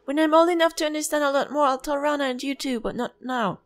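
A woman's voice: high voice, fast talker, pitched above the performer's own voice, lightly acted. A woman voicing a small, polite and curious village child who talks earnestly and sometimes stumbles over words, as a fan voice-over of game dialogue. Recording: faint music behind.

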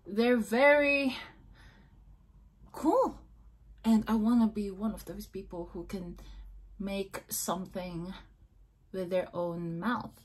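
A woman talks to herself in a casual vlog, slow and unhurried, her voice soft and breathy. She hesitates, restarts, and repeats practice syllables again and again. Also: medium pitch, steady tone. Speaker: vlogger.

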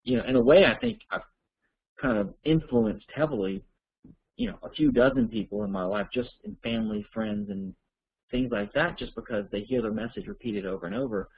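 A man with a gravelly, husky voice answers listener questions for an online course, thinking aloud as he goes. The audio is dull and lo-fi. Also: lowish voice, animated, brisk.

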